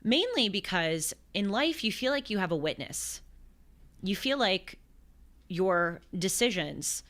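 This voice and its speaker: A woman in her twenties hosting a show, telling a gospel story in a lively conversational way with quick asides and acted quotes. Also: low voice. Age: 20s. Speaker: host. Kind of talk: conversational religious commentary.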